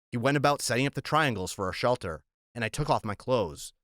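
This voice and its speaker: A man reads a novel aloud at a measured, even pace, with a voice of middle pitch. The sound is dry and close, with no room around it. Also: no echo. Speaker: audiobook narrator. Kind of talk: audiobook narration.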